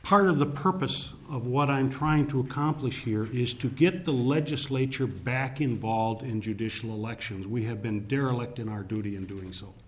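A man of medium pitch testifies formally before a legislative committee. He speaks deliberately and emphatically, leaning on key words and using frequent "uh" fillers.

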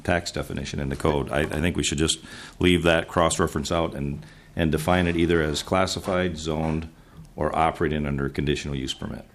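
A man with a very deep voice speaks as a state senator in a committee hearing. He stumbles now and then and dictates amendment wording slowly, phrase by phrase. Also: steady tone.

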